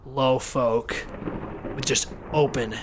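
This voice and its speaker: A man running a tabletop game, narrating scenes and rules in a mid-pitched voice, often stumbling and repeating words as he works things out. There is a faint hiss of background noise behind him. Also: steady tone, slow. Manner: rambling, repeats words while thinking. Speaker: game master.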